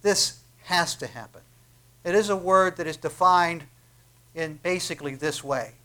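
A male preacher with a high-pitched voice delivering a sermon. He asks the room question after question and leans hard on his key words. His delivery swings from near-whispers to booming repetition. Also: a little slow. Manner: emphatic, swings from hushed to booming, rhetorical questions.

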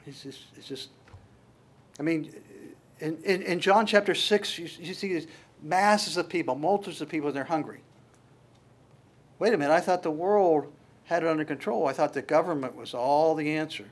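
A man preaching with a slightly raised voice, animated and quick to restart his sentences. He acts out voices from the scripture as he goes and ends by leading a prayer. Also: on the high side. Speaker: pastor. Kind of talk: sermon.

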